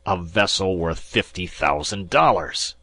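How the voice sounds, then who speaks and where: A man voicing a furious, explosive American ship captain who shouts his lines in an audiobook. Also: sits low, lively intonation, unhurried, heavily acted. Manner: shouting, bellowing outbursts. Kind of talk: audiobook character voice.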